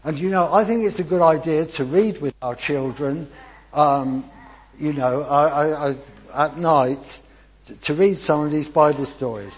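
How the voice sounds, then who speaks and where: Older man with a husky voice, preaching. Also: a little high, a little slow, low-quality recording. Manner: chatty and encouraging, with frequent restarts. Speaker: preacher leading a children's talk. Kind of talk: informal church talk with audience participation.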